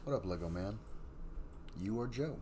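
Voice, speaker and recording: Low-voiced rambling stream host. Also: male voice, expressive, normal speed, background noise. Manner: rambling and apologetic, with many fillers. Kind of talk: casual live stream chat and story reading.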